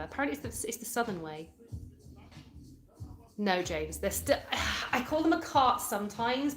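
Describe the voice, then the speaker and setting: A British woman from England in her thirties, chatting casually on a home live stream and answering viewer comments. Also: mid-range voice. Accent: British English. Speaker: livestream host. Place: indoors at home.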